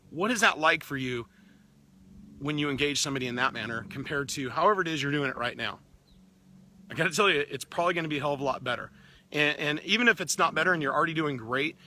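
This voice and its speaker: A man giving an energetic, upbeat motivational talk to his team, often repeating words as he pushes ahead. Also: a little high, quick pace.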